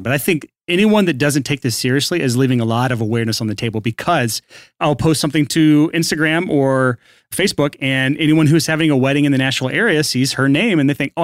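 A male podcast co-host explaining business steps in steady, casual teaching, keeping the talk on track. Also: fairly high pitch, no echo, clean studio sound. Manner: steady, keeps the episode on track.

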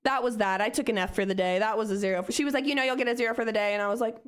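A woman's voice: on the high side, rapid-fire, clean tone. A young woman telling a story in casual talk, swearing freely and acting out the voices of the people in it. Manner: animated, swears freely, acts out quoted voices. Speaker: podcast guest.

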